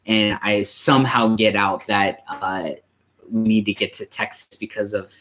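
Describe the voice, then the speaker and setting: A young man with a fairly low voice tells a personal story slowly and unhurriedly. He speaks as a church youth pastor, stumbling and restarting often. At times he grows emotional and comes close to tears. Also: level tone, fairly bright tone. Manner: halting, with many restarts and fillers.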